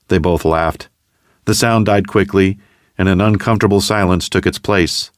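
A man narrating a dramatic story in a steady, measured way. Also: deep voice, dry recording, clean studio sound. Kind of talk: scripted narration.

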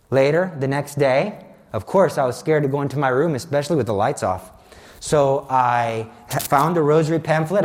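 A man's voice: a little high, a little mellow. Man telling an earnest faith testimony. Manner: earnest, dramatic storytelling. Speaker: Catholic speaker.

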